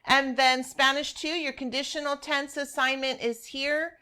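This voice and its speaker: A woman's voice: high voice, little pitch movement, a little slow, pushed and bright. A woman teacher giving patient, step-by-step class instructions over a screen share, repeating key points.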